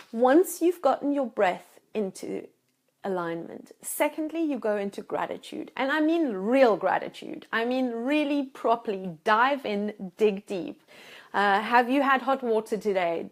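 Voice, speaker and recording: A woman with a fairly high voice coaches viewers straight into her own camera. She talks in an emphatic, encouraging way and repeats words for stress. She slips into anxious made-up inner voices to make her points. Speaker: life coach. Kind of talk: motivational talk to camera. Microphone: self-filmed camera.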